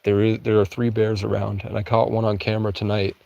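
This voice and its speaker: A young man with a fairly high voice, rambling loosely through a live stream from the woods at night and swearing casually. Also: completely flat delivery, brisk, gravelly, mellow, lo-fi sound. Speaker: livestreamer.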